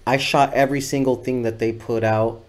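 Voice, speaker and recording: A man's voice: mid-range voice, steady tone, moderate pace. A man sits in as a podcast guest, telling a long story in a loose, profane, rambling way. He keeps slipping into other people's voices when he quotes them. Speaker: guest videographer. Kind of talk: casual storytelling interview.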